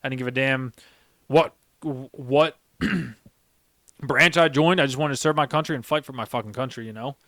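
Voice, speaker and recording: A man's voice: mid-range voice, moderate pace, fairly bright tone, dry recording, clean studio sound. A young man and former Marine sergeant who hosts a podcast. He tells stories in a rambling, emphatic way and swears heavily. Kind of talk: casual storytelling chat.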